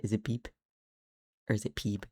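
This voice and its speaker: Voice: medium pitch, level tone, moderate pace, warm tone, breathy edge, no room sound, studio quality. A game streamer, chatting casually through a livestream, giggling often and muttering to themselves. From Canada. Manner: giggly, talks to themselves, lots of laughter.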